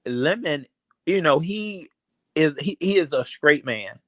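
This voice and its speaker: Hesitant man calmly soothing. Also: a little high, slow pace, no echo. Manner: placating, hesitant, full of restarts and ums. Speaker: host. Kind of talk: casual chat.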